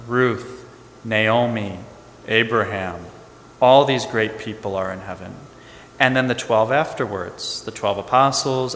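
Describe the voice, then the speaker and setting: Priest preaching in an echoey church. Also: male voice, fairly low pitch, fairly bright tone, a little hiss or hum. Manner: conversational storytelling with acted-out dialogue. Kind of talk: sermon. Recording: echoey church hall with reverb.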